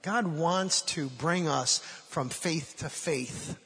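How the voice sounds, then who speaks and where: A man's voice: on the high side, takes it slowly, fairly bright tone, breathy edge, in a large hall. A man giving sermon-style Bible teaching, acting out quoted voices with rising emotion.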